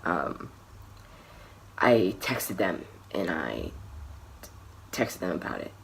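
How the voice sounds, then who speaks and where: A young man tells a personal story to his vlog camera, candid and hesitant, frequently restarting and trailing off into softer phrases. His voice is low and sing-song, slow, with vocal fry and a little hiss or hum.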